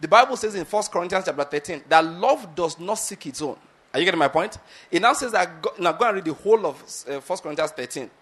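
A man's voice: high-pitched, expressive, fast talker, fairly bright tone, husky. A man preaching a sermon, retelling a scripture story and often asking his listeners whether they follow his point.

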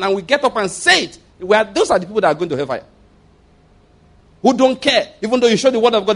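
A middle-aged male pastor preaching a sermon in an emphatic, animated way, often repeating his phrases. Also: sits high, fast.

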